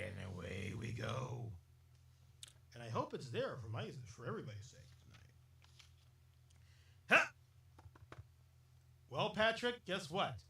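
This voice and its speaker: A man's voice: a little high, sharp tone. A man hosting a rambling solo podcast, chatty and jokey, laughing often and drifting into silly asides while reading out local history. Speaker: podcast host. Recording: echoey room, distant mic.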